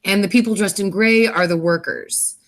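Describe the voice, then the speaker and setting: A woman's voice: mid-range voice, normal speed. A woman hosting a casual episode review, recapping the plot with many fillers and self-corrections. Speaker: host.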